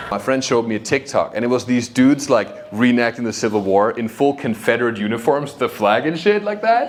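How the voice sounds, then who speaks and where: A man's voice: mid-range voice, normal speed. A man from Germany, doing stand-up crowd work on a club stage and teasing the audience while laughing through his lines. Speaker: stand-up comedian. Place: comedy club stage on tour. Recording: live club recording with background noise.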